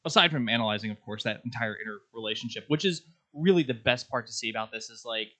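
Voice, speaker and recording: A man's voice: mid-range voice, fast. A man co-hosting a podcast, talking casually and rambling with lots of "like" and restarts. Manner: rambling, lively, many likes and restarts. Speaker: podcast co-host. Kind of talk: casual chat.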